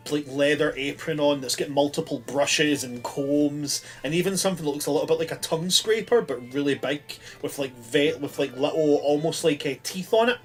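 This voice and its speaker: Rambling game master. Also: male voice, fairly high pitch. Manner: rambling, full of fillers. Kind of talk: narrating a tabletop game.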